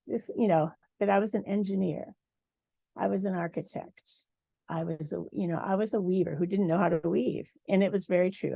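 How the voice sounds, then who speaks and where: A woman from Michigan, a textile artist, giving a lively personal talk at a symposium and acting out quoted dialogue. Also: medium pitch, vocal fry, slightly rough, no echo. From Michigan, USA. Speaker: guest speaker, textile artist.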